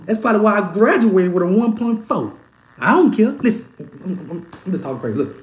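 A hoarse speaker, ranting excitably and trash-talking as a sports fan commentator. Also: mid-range voice, fast. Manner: animated, excitable, heckling. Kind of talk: trash-talking reaction rant. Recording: echoey room.

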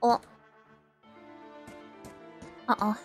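A young woman streaming a video game, chatting casually and giggling as she reacts to what happens on screen. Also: very slow. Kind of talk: casual gameplay commentary. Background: game music.

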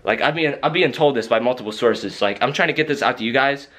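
A young man ranting comically to camera, rambling and excitable, stringing thoughts with constant fillers and checks on the listener. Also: medium pitch, fast. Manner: rambling, excitable, fills with "like" and "right?". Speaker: vlogger. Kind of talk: comedic rant to camera.

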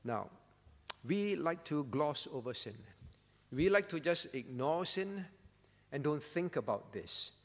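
Male pastor, sermon, earnest and pleading, soft passages, higher voice, long church reverb. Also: sing-song, slow. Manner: earnest, pleading preaching that drops to soft tones.

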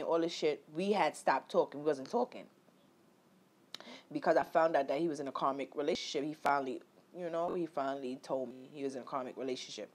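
A woman vlogging a candid personal story, animated and profane, leaping into high exclaimed quotes and talking straight to her viewers. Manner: repetitive filler-heavy talk addressing viewers directly.

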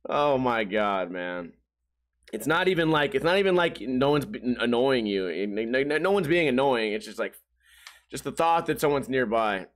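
A man's voice: mid-range voice, lively intonation, normal speed. A man hosting a podcast alone, rambling and joking, often trailing off with "like". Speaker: podcast host. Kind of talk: casual solo podcast rant.

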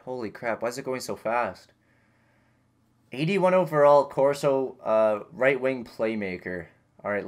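A young man casually commentating his own video game season, getting loud when excited and muttering when disappointed. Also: mid-range voice. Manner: excitable, swings between yelling and muttering. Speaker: gaming YouTuber.

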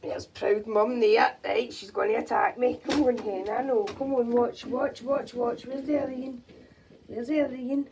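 A woman chatting casually in a home vlog as she checks her pigeons' eggs, cooing gently to the birds. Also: fairly high pitch, steady tone, moderate pace, creaky, background noise. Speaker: pigeon keeper.

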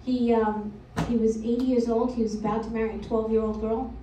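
A middle-aged woman performing a stand-up comedy set in a comedy club, crude and deadpan, working the crowd between punchlines. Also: fairly high pitch, a little fast, background noise. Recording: echoey club audio from far off with loud crowd.

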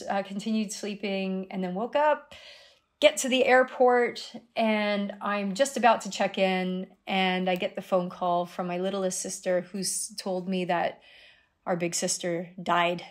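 Middle-aged woman, interview guest, personal storytelling, animated with sudden high exclamations. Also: a little slow. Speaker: guest, dream guide.

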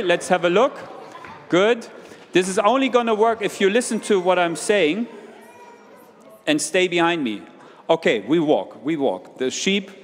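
A man leading an interactive children's sermon in a church, playful and full of questions to his young listeners. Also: sits high. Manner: playful, questioning the audience, walking around while talking. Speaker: preacher leading a children's talk. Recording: long hall reverb.

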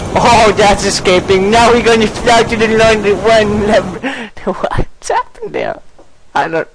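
A man rambles through a let's-play in broken English, slow and unhurried between sudden shouted outbursts. His pitch sits a little high and swings widely. He giggles and teases his way through every attempt. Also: background noise. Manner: excitable, bursts into shouts and giggles, playful; broken, ungrammatical English phrasing. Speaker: gaming commentator.

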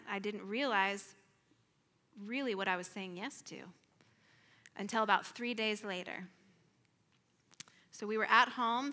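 A woman's voice: mid-range voice, bright, forceful tone, in a large hall. A woman sharing a personal testimony in a sermon at church, earnest and emotional, sometimes sinking to a near-whisper. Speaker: church speaker. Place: church sanctuary.

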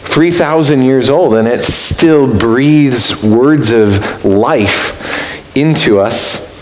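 An earnest man preaching, his voice ringing in a roomy church space with a faint hiss underneath. He talks in a middle register, reflective, and climbs sharply in pitch to stress a point. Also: drawn-out words. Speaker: pastor. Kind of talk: sermon. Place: church sanctuary.

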